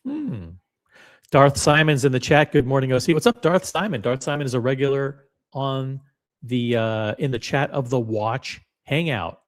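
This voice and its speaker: A man's voice: medium pitch, lively intonation, normal speed. Dry, sarcastic male livestream host. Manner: dry, sarcastic, rambling asides. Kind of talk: live commentary reading chat.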